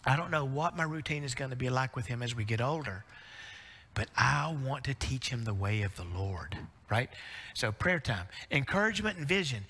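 A middle-aged man preaches warmly animated stories from the pulpit. His voice is bright and a little high for a man. The sound carries the long reverb of a church sanctuary. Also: moderate pace. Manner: storytelling, animated, folksy. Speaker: pastor. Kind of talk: sermon.

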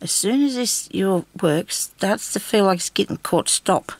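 Chatty woman with gravelly voice. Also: mid-range voice, a little slow, no room sound. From Australia. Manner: chatty, reassuring, talks to herself while working. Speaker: craft tutorial host. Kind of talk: casual craft tutorial talk.

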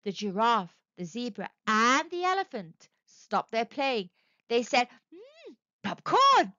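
A woman narrating a children's story aloud in an expressive, sing-song way. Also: on the high side, unhurried, dry recording, lo-fi sound.

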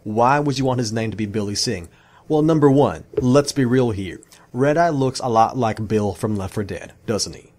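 A man in his thirties with an Australian accent, riffing on video game lore in a loose, rambling way. He talks casually and tosses "y'all" into his sentences. His pitch sits in the middle range for a man. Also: normal speed, a little mellow. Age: 30s. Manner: chatty, rambling, often says "y'all". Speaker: gaming YouTuber.

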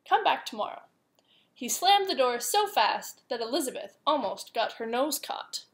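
A woman reading a picture book aloud to young children, with gentle, chatty asides to her listeners. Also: on the high side, very animated, normal speed. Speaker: preschool teacher.

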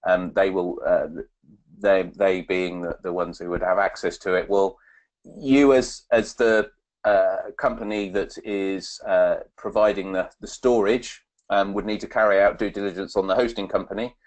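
A man's voice: low voice, steady tone, moderate pace. A man presenting a webinar on data protection, talking with many ums and restarts as he answers audience questions.

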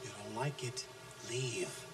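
An actor playing a brash, abusive male sales trainer who taunts his listeners, shouting one moment and dropping to low menace the next. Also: animated, slow, slight background noise. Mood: contemptuous. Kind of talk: film acting.

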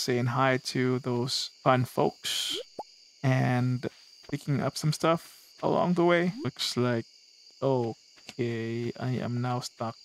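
A man's voice: mid-range voice, a little hiss or hum. A man giving casual, self-deprecating let's-play commentary, chatty and rambling. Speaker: gaming video host.

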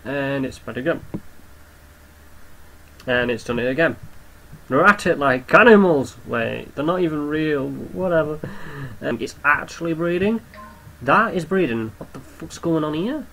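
A young man giving casual game commentary, excitable, swearing often and talking to the creatures on screen. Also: on the high side, a little slow, vocal fry, pauses often, slight background noise, rough recording. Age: young adult. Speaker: gamer commentator.

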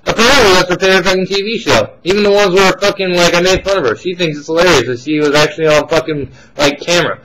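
A young man rants into his webcam, swearing loudly and heatedly. His voice sits a little high for a man. The home webcam recording carries clear background noise. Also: quick pace, few pauses. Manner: profane, loud, ranting. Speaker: vlogger. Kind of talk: angry webcam rant. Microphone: webcam close to face.

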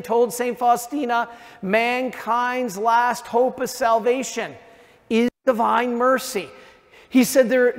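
An American Catholic man, a priest, giving a retreat talk to a congregation in lively conversational storytelling that speaks straight to the audience. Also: high-pitched. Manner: animated conversational storytelling, addresses the audience directly. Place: large church. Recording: reverberant church hall.

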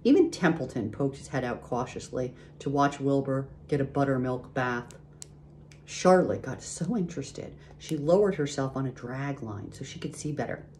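Woman, low voice, reading a children's book aloud, expressive, storytelling. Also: slight background noise. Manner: expressive, pauses to show pictures. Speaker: reader.

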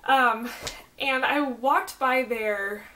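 This is a young woman with a Southern American accent chatting to her camera. She rambles happily from one side note to the next, full of fillers. Her voice sits somewhat high. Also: extremely slow, bright, forceful tone, a little hiss or hum. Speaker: pregnancy vlogger. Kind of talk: casual chat.

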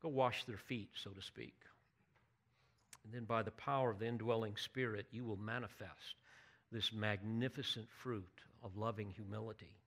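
A man's voice: on the low side, fairly even intonation, normal speed, a bit bright. A man preaching a sermon, earnest and emphatic, building to bursts of intensity and putting direct questions to his listeners. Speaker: pastor.

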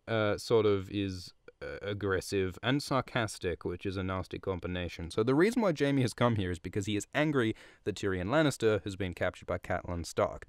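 A man with a lowish, smooth and resonant voice recaps a book in a loose, rambling way. He swears freely and drops chuckling asides. The sound is dry and close to the mic. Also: dry recording. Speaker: podcast host.

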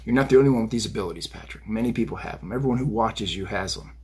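Soft-spoken spirit guides, as a man channels them: low, husky, matter-of-fact. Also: rapid-fire. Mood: calmly knowing. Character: calm male spirit voices speaking to him.

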